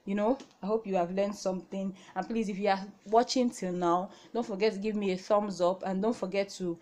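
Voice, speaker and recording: A young Nigerian woman teaches a reading lesson at a whiteboard in a medium-pitched, steady, somewhat dark voice, speaking a little fast. The language teacher is patient, repeating each word and checking in with "okay?".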